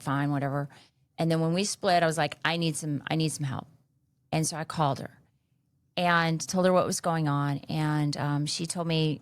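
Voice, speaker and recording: Middle-aged woman podcaster, kinda low voice, super dry close sound, blunt and sweary, really leans into it. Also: no room sound. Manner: blunt, emphatic, swears freely. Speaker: podcast host. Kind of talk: motivational monologue.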